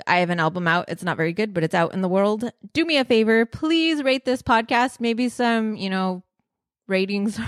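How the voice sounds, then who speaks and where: A woman's voice: on the high side, no room sound, studio quality. A woman hosting a podcast, chatting in a bubbly, giggly, gushing way. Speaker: podcast host. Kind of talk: casual podcast chat.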